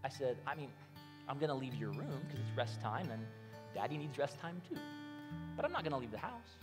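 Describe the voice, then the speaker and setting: A man preaching a sermon as pastor, measured, dropping soft and low on key phrases while weaving in a family story. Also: sing-song. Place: church sanctuary. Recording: long hall reverb, faint guitar behind. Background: soft guitar music.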